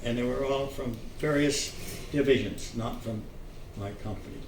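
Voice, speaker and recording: An older man telling his memories in an oral history interview, halting with many fillers and restarts, chuckling now and then. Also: medium pitch, a little mellow. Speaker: veteran interviewee. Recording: echoey room, distant mic, faint noise.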